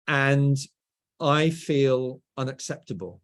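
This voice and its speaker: A middle-aged English guest author tells stories during a conversational interview, habitually finishing points with "right?". His accent is standard southern English, BBC-style, and his medium-pitched voice is animated at a moderate pace.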